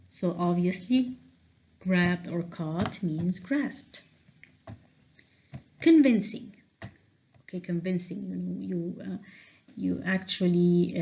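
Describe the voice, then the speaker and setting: A woman teacher walks through revision answers, pausing to check understanding with a questioning "okay?". Her voice sits on the low side. The recording is muffled and lo-fi. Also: darkish tone. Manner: explains slowly, frequent "okay?" checks. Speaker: English teacher. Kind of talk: revision lesson walkthrough. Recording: dull lo-fi recording.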